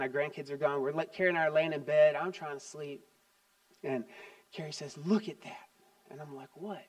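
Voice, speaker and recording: A man in his fifties, a grandfather and pastor, preaching a sermon with personal stories, swinging from loud emphasis to quiet asides. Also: fairly high pitch.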